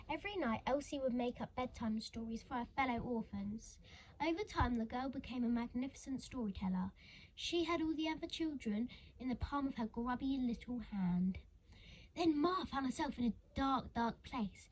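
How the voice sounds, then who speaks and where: A woman narrating a children's storybook, expressive and dramatic, dropping into hushed whispers. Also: high-pitched, moderate pace, breathy edge, poor audio. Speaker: audiobook reader.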